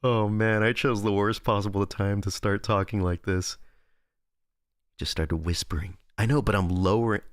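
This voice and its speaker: A man's voice: fairly low pitch, steady tone, normal speed, no room sound. A young man chatting casually on a livestream from a close desk microphone. He rambles and loses his train of thought, reads chat, and makes fun of himself. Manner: rambling, self-deprecating, reads and answers chat. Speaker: streamer.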